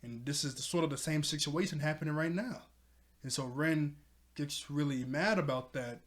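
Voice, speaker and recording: A young man talks through an anime episode in a loose, rambling recap. He leans on "like" and "you know" constantly and sounds like an eager fan. His voice sits a bit on the high side. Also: moderate pace. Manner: enthusiastic fan. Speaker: anime reviewer.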